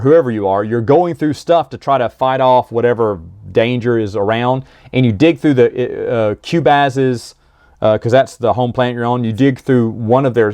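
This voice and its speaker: A man recapping old adventure books in a casual chat, enthusiastic, laughing at the jokes and acting out quotes with quick asides. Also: mid-range voice, darkish tone, no echo. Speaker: book reviewer.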